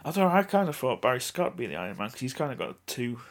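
Man, co-host, short replies, crude jokes, mid pitch, animated. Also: very fast. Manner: short agreeing replies, deadpan additions. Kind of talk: crude comedic banter.

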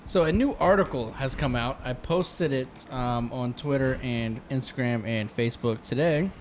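A man's voice: mid-range voice, moderate pace, a little hiss or hum. A young man hosting a casual podcast with friends, running the segments in a loose, joking way. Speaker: podcast host.

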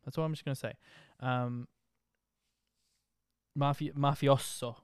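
A young Australian man casually telling an animated, slang-filled story about a flight, with jokey rhymes. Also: mid-range voice, measured pace, smooth, no echo, clean studio sound. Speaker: social media vlogger.

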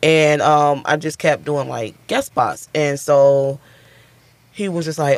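A man's voice: a little high, a little slow, no room sound. A man, a stand-up comedian, telling a story in a casual interview and acting out what people said. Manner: animated, chatty, acts out quotes.

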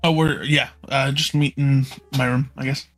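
A man's voice: mid-range voice, steady tone, normal speed, fairly bright tone, faint music behind. A man playing a tabletop game, talking in a laid-back, matter-of-fact way. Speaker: player. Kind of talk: casual tabletop chat.

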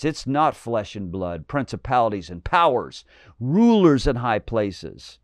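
A man's voice: medium pitch, sing-song, unhurried, dry recording. Guy preaching hard, bold and punchy, voice swings up and down, dry close sound. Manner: bold, emphatic, mocking asides. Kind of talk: fiery sermon.

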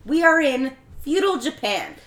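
A woman's voice: sits high, animated, unhurried, fairly bright tone. A young woman casually retelling a film plot as a podcast co-host, chatty and full of fillers. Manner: chatty, filler-heavy storytelling. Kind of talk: casual film recap chat. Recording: roomy echo.

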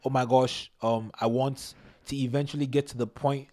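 A young man hosting a casual podcast chat, giving emphatic advice with lively bursts. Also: mid-range voice, moderate pace. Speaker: podcast host.

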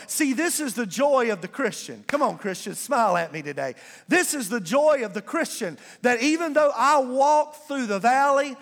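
A man's voice: high-pitched, fairly bright tone. A man preaching a sermon as pastor of a church, stretching out key scripture lines and calling on his congregation to answer back. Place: church sanctuary. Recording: long reverb of a large hall.

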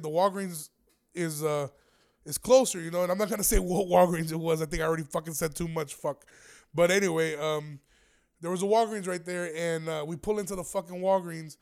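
A man's voice: high-pitched, gravelly, clear, resonant tone. A man in his twenties telling a rambling, profane, slang-heavy story in casual chat. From Aurora, Illinois area.

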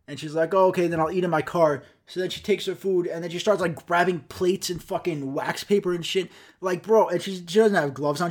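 Profane, exasperated young man ranting. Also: a little high. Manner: acts out customers and himself in quoted dialogue. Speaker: podcast host. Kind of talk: solo podcast rant. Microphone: studio microphone.

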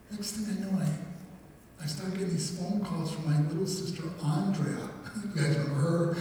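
Man speaker, earnest storyteller, slightly higher voice, caught from afar in a big reverberant hall. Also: moderate pace, warm tone, a little hiss or hum. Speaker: motivational speaker. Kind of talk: emotional public presentation. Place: large hall before an audience. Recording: echoey hall from far off, faint music.

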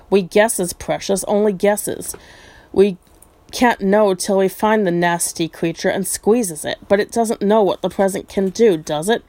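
A woman's voice: mid-range voice, mellow, no room sound, close to an everyday voice. Woman voicing a hissing, whining old cave creature who argues with himself in broken grammar; storybook reading, dry close sound. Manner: whiny, broken grammar, repeats words.

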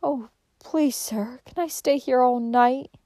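In this storybook reading, a frightened young woman voiced by a female reader begs for shelter, her voice raised a little above the reader's own. She sounds worn out and cold, pleading until her words thin into a breathy whisper. The recording is close and dry. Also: high-pitched, takes it slowly, warm tone, no echo, voice pushed up.

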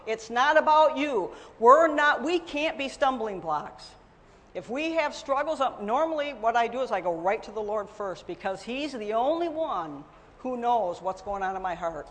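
A middle-aged woman preaching a sermon, telling her own story with emphatic swings between loud and soft. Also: on the high side, expressive, unhurried, long reverb tail.

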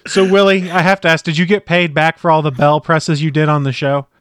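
A man's voice: fairly high pitch, flat delivery, brisk, fairly bright tone, clean tone, dry recording. Jokey man hosting, dry close sound. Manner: jokey, leads the conversation. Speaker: podcast host. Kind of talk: casual chat.

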